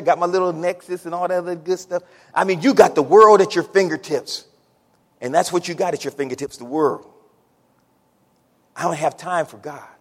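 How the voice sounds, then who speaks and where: A man preaching a sermon, swinging from hushed near-whispers to loud shouts. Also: sits high, long reverb tail.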